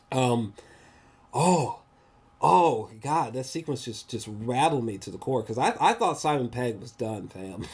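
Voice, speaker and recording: A man giving a casual, rambling movie review, excitable and slangy, often laughing. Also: medium pitch, slightly rough.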